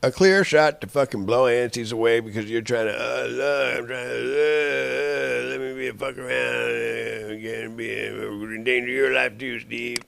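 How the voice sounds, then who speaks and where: A man's voice: mid-range voice, fairly even intonation, moderate pace, vocal fry, hardly any pauses, fairly bright tone, a little hiss or hum. A man in an angry, rambling monologue, cursing and making threats at the people he addresses.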